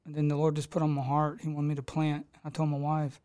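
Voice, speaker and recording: A man's voice: a little high, monotone, quick pace, mellow. A man, a pastor recounting how he came to plant his church, acting out the people he quotes. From Texas. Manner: storytelling, acts out quoted people, laughs easily. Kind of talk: telling his story in a casual interview.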